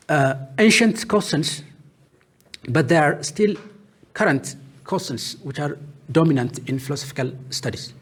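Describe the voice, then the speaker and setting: A man lectures to a class, setting out ideas as lists of single words with pauses between them. His voice sits a little high and has a husky edge. He often asks a question and answers it himself. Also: lively intonation. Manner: lists terms one by one with pauses.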